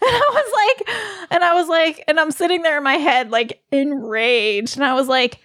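A woman telling her side of a story in casual chat, animated, swearing and laughing often. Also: high voice, brisk, dry recording, studio quality.

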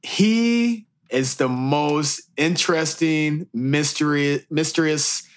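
A man's voice: fairly high pitch, slow pace. A man co-hosting a podcast, chatting in a playful, joking way. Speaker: podcast co-host, bartender. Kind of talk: casual chat.

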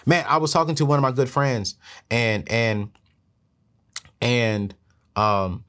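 A middle-aged man hosting a show and giving money advice in an earnest, preachy way that climbs higher when he presses a point. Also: fairly even intonation, slow, fairly bright tone. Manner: earnest, preachy, rises in pitch when emphatic. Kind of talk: motivational talk to camera.

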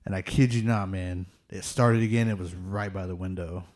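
A man's voice: deep voice, fairly even intonation, normal speed, darkish tone. A man casually telling ghost stories, rambling with lots of fillers and laughing nervously at the tense parts. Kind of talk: casual storytelling of ghost encounters.

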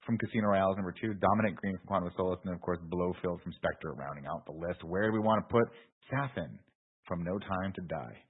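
A man's voice: sits low, fast talker, slightly rough. A man co-hosting a podcast in casual chat, recapping at length with lots of fillers. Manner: rambling recaps with many fillers. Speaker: podcast co-host. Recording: tinny phone-like audio.

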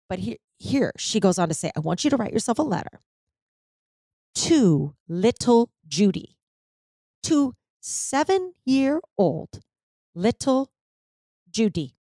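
A woman's voice: medium pitch, creaky, darkish tone, no echo, studio quality. A middle-aged woman telling a personal story in a candid, emotional way, swearing often. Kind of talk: personal story told to listeners.

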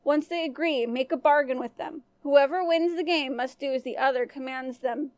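A woman's voice: sits high, moderate pace, a little mellow, dry recording, natural voice. A woman voicing a greedy, cackling old witch who bargains slyly. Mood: scheming. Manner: sly, bargaining, grinning.

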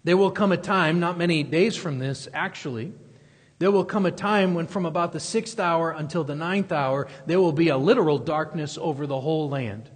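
Male preacher, higher-pitched and husky, emphatic and repetitive, big echoing hall. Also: normal speed. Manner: emphatic, repeating key phrases and building intensity. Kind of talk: expository sermon. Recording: long reverb of a large hall.

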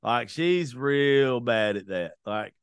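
A man hosts a casual podcast chat in an average-pitched voice. He tells stories bluntly, swearing freely and getting animated. His sound is dry and close, with no room around it. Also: takes it slowly, clear, resonant tone, dry recording. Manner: blunt, profane, animated storytelling. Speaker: podcast host.

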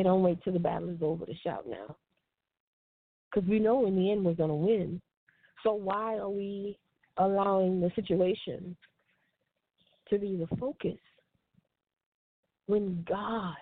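Over a thin, phone-like line with a dry sound, a woman's mid-range voice carries a devotional sermon. She preaches earnestly, falling into a repeating rhythm.

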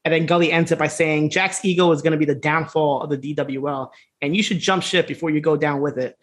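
A man's voice: fairly high pitch, fast talker. A man co-hosting a podcast, recapping a wrestling series in a casual, profane way and acting out what the characters say. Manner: laid-back, profane, laughing, acts out quotes in animated voices. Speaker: podcast co-host.

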